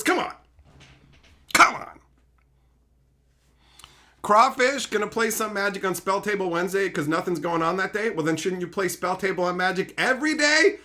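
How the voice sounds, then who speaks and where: A man from Canada hosting a livestream, ranting at viewers with heavy swearing, sarcasm and shouted outbursts. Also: high voice, expressive, normal speed. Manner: mocking, sarcastic. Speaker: livestream host.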